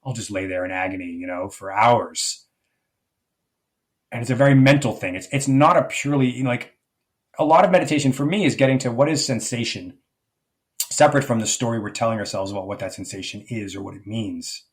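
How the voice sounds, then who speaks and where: A man's voice: mid-range voice, brisk. A man speaking as a life coach guest in a podcast interview, reflective and rambling, with many fillers and restarts.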